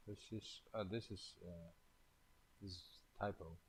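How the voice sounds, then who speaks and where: A man's voice: low-pitched, fairly even intonation, a little slow, a little hiss or hum, rough recording. A man thinking aloud while live coding, muttering to himself in casual, half-finished and mildly profane remarks. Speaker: programmer leading a coding session.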